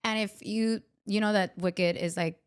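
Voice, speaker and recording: A woman's voice: mid-range voice, fairly even intonation, a little slow, clear, resonant tone. A woman hosting a podcast in casual chat, talking emphatically and full of fillers. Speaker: podcast host.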